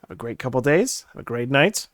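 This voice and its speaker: Brief: male podcast co-host, middle pitch, joking sign-off, dry close mic. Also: lively intonation, brisk, no room sound. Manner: joking, mock radio-announcer banter.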